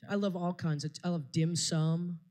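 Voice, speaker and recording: A woman's voice: on the low side, fairly even intonation, normal speed, warm tone. A woman doing a stand-up set on a live stage, telling stories in a dry, wry way. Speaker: stand-up comedian.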